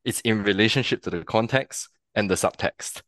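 A man with a deep, low voice explains his ideas as a podcast guest, thinking aloud and often checking in with the listener. He grew up in Singapore and talks in a reflective, conversational way. The recording is dry and close, with little room sound. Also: moderate pace, a bit bright, no echo. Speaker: podcast guest, theatre practitioner.

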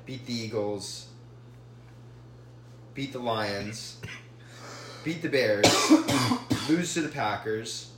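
A young man co-hosting a casual sports podcast, excitable and stumbling over his words. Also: lowish voice, reverberant, a little hiss or hum. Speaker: podcast co-host.

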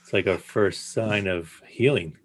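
A man's voice: fairly low pitch, measured pace, slightly rough. A man in his forties co-hosting a podcast, responding in a supportive, encouraging way. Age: 40s. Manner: supportive, brief affirmations. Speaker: podcast co-host. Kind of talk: casual podcast chat.

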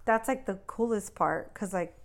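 A woman's voice: medium pitch, animated, normal speed. A woman late in her pregnancy, tired and giggly, chatting casually with her partner and filling her talk with "like.". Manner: giggly, says "like" a lot, breaks into laughter. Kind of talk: casual couple chat.

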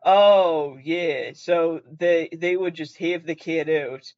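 A man's voice: fairly high pitch, takes it slowly, muffled recording. A young man from Canada with a Canadian accent, hosting a podcast in a casual, rambling way, swearing a lot and often correcting himself. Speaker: podcast host. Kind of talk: casual solo podcast chat.

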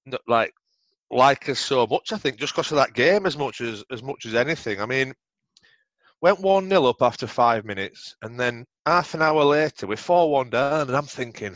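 A man's voice: medium pitch, expressive, moderate pace, fairly bright tone, dry recording, muffled recording. A middle-aged man with a Yorkshire accent telling rambling, sweary football stories in a casual interview. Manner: swears freely, rambling anecdotes. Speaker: podcast guest, former footballer.

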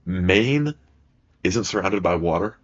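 A young man with a very low, husky voice, teasing his co-hosts in rambling podcast chatter. The lo-fi recording sounds dull. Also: expressive, takes it slowly. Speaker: podcast co-host. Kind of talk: casual podcast banter.

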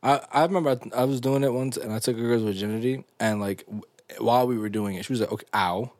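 A young man hosting a podcast, telling stories in a loose, animated way full of slang and laughs. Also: medium pitch, quick pace, dry recording. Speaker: podcast host. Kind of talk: casual podcast chat.

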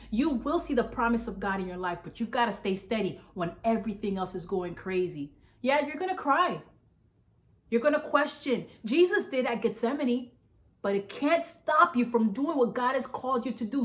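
A woman pastor preaches with fervent, repetitive emphasis, pressing her listeners again and again to listen. Her voice sits a little on the high side. She gets so carried away that she runs short of breath. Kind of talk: sermon.

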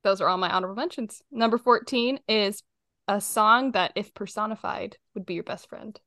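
A woman's voice: medium pitch, fairly quick, pushed and bright, dry recording, clean studio sound. Chatty young woman, laughs often. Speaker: podcast co-host. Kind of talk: casual chat.

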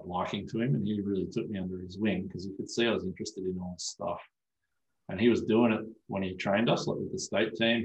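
Swearing man with a low voice. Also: reverberant, poor audio. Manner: swears freely, animated storyteller. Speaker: osteopath guest. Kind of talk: casual podcast chat.

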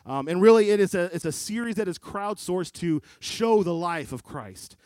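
A man delivers a sermon in a high voice, recorded close and dry with no room sound. He quotes old scripture wording and swings between loud pleading and quiet, low moments. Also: animated, normal speed, no echo. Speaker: preacher.

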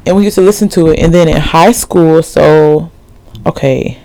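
A woman's voice: sits low, normal speed, warm tone. A woman in her twenties hosting a solo podcast in a rambling, slangy chat full of asides and fillers. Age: 20s. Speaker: podcast host.

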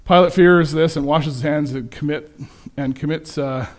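A man preaching a sermon with slides, conversational and self-correcting, turning animated when he quotes people. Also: on the high side, moderate pace. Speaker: pastor.

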